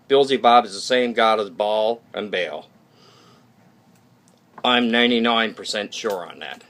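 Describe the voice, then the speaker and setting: A man of ordinary pitch gives a loose, unscripted talk to his viewers. He is blunt and opinionated and swears now and then. He rambles, restarts his sentences and keeps asking "okay?" to check in. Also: fairly bright tone. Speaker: YouTube channel host. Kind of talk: casual unscripted monologue.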